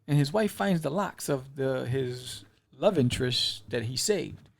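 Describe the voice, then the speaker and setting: Animated man recapping a comic casually. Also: mid-range voice, normal speed, gravelly. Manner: animated storyteller, acts out character lines, many fillers. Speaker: podcast host reviewing comics.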